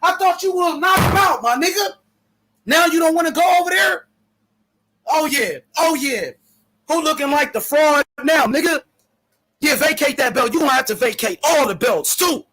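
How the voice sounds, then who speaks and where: A man hosting a casual boxing talk stream, talking loud, profane trash. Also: very high voice, expressive, normal speed. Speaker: host.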